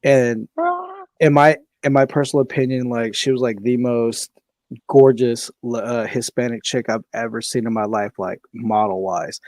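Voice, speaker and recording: A young man telling a story in casual podcast chat, animated, swearing freely and acting out what people said. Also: medium pitch, moderate pace, no room sound. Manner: animated, swears freely, laughs often, acts out quoted voices. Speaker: podcast co-host.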